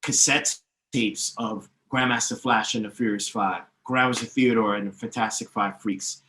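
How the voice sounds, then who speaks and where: A man with a lowish, pushed and bright voice speaks at normal speed with fairly even intonation. Guesting on a podcast as a DJ teacher, he explains things at length, confident and emphatic as he lists names and history, in an echoey room.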